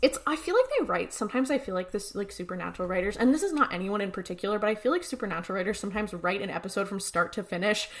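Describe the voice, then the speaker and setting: She races along with hardly any pauses, her voice mid-range, as she co-hosts a podcast and casually recaps a show while acting out the characters' lines.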